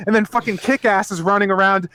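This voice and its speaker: A man co-hosting a casual podcast, ranting with animated, profane energy. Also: sits high, fast, clear, resonant tone, dry recording. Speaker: podcast co-host.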